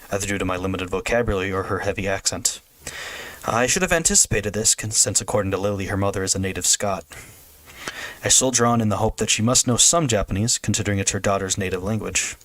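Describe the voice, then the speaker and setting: A man streaming, reading a visual novel aloud in steady first-person narration, now and then restarting a phrase. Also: on the low side, fast talker, no room sound.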